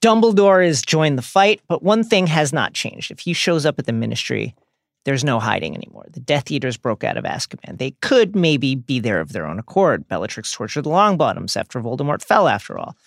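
A man co-hosts a podcast and reads book passages with dramatic emphasis between his comments. His voice is gravelly and his pitch moves in lively swings. The sound is dry and close. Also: brisk, no room sound. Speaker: podcast co-host.

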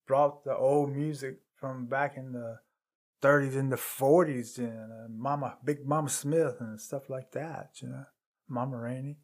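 An older man from Charlotte, North Carolina, talks in a relaxed, easygoing way. His voice sits in a middle pitch, and he drops in "you know" as he reminisces. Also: measured pace. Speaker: guest, host's father. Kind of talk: casual chat.

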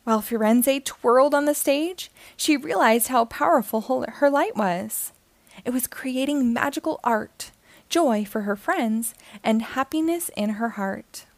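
A woman reads a children's picture book aloud in a gentle, expressive storytelling manner. Her voice sits fairly high with a noticeable vocal fry. The sound is dry and close. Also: measured pace, dry recording.

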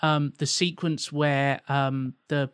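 A man's voice: fairly high pitch, flat delivery, takes it slowly, fairly bright tone, smooth, no echo, clean studio sound. A man co-hosting a film podcast, speaking earnestly in casual chat and often restarting his words. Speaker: podcast co-host.

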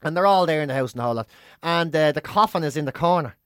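Co-host, sweary, animated storyteller, dry close mic. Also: mid-range voice, racing, clear, resonant tone, no echo. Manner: swears freely, tells animated stories. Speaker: podcast co-host. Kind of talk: casual chat and anecdote.

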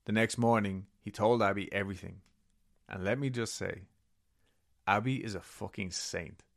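A man's voice: fairly low pitch, normal speed, creaky. A man co-hosting a podcast, casually retelling a story and reading quotes from a book, with swearing and laughing asides. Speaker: podcast co-host.

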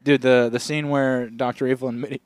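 A young man co-hosting a comedy podcast, chatting excitedly and profanely about movies and saying "dude" constantly. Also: mid-range voice, brisk, clear, resonant tone, no echo, clean studio sound. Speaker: podcast co-host. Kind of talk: casual comedy podcast chat.

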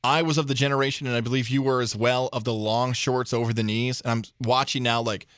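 A man's voice: mid-range voice, flat delivery, quick pace, a bit bright, no echo, studio quality. A man hosting a sports radio show, talking in a casual, opinionated way and steering the segment.

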